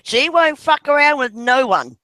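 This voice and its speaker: A man's voice: very high voice, lively intonation, measured pace, bright, forceful tone, no echo. A man with a New Zealand accent chatting casually with a friend on a video call, laughing often and swearing offhandedly while talking about his kids. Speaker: father. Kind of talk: casual chat on an online video hangout.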